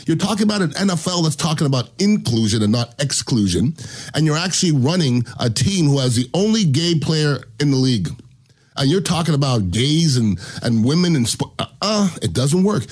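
A man's voice: medium pitch, sing-song, moderate pace, darkish tone, husky. A podcast host, a man, giving a blunt, opinionated monologue and swearing freely.

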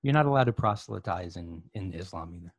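A man's voice: deep voice, lively intonation, quick pace, dry recording. A man in a casual group chat, tossing in dry quips.

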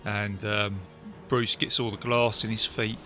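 A man chatting casually as a podcast co-host about a film, lively and talkative, often acting out lines. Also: fairly low pitch, unhurried, faint music behind. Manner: chatty, animated, quotes film lines in put-on voices.

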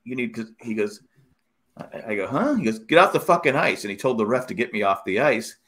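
A middle-aged man in casual chat, telling rambling, animated stories with many restarts. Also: lowish voice, fairly quick.

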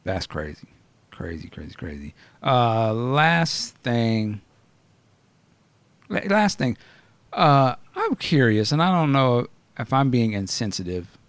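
A male podcast host chatting casually with his co-hosts. He talks in a blunt, animated way, often laughing and asking questions. His voice sits in a middle range and is recorded dry and close, with no room echo. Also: medium pitch. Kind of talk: casual chat.

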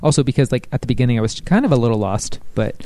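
A man's voice: mid-range voice, animated, rapid-fire, warm tone, slight background noise. A man co-hosting a casual podcast chat, talking in a chatty, agreeable way with many fillers. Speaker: podcast co-host. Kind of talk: casual chat about a video game.

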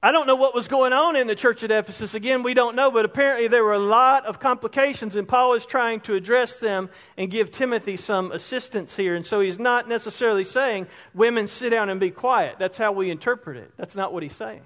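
High-voiced pastor preaching in a reverberant hall. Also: male voice, a little fast, hardly any pauses, a bit bright. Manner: conversational preaching, asks the congregation questions. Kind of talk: sermon. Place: church sanctuary.

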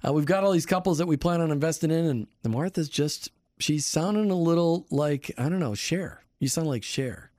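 A man co-hosting a Christian marriage radio talk show, speaking in an animated, emphatic and lightly preachy way into a studio microphone. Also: a little high, moderate pace, hardly any pauses, dry recording. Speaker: radio co-host.

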